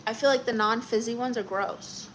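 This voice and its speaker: A chatty woman hosts a casual live stream, reading out viewer comments and replying to each one. Her voice sits a little high. She talks loosely and conversationally. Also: steady tone, moderate pace, background noise. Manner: chatty, reads viewer comments aloud and answers them. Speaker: livestream host.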